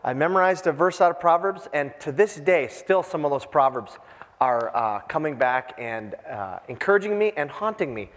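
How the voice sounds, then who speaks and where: Chatty middle-aged pastor in a reverberant hall. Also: male voice, fairly high pitch, animated, moderate pace. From Minnesota, USA. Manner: rambling, self-deprecating and chatty, with many fillers. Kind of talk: informal sermon.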